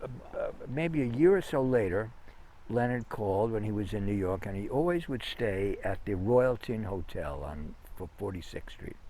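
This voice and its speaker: A man guesting in a conversational interview tells long anecdotes, rambling with fillers and restarts. His fairly low, warm voice has lively intonation and a moderate pace, with slight background noise.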